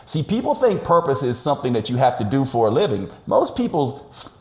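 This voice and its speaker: Animated male guest, echoey room. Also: mid-range voice, fairly quick. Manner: animated, emphatic. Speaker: podcast guest. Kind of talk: conversational storytelling. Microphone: remote call audio. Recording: roomy, echoey sound.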